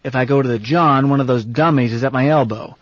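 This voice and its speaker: Man doing a raspy ancient man, blunt, grumbling, folksy, storybook reading, muffled dry sound. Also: mid-range voice, fast, no room sound, natural voice. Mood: indignant. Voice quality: rasp. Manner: brusque and salty, grumbling. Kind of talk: audiobook character reading. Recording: dull, dry studio recording.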